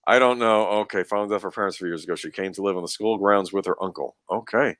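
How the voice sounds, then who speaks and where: A man's voice: sits low, fast talker, fairly bright tone, no echo. A man casually talking through a film rewatch as co-host, rambling with frequent laughs and restarts. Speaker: podcast co-host.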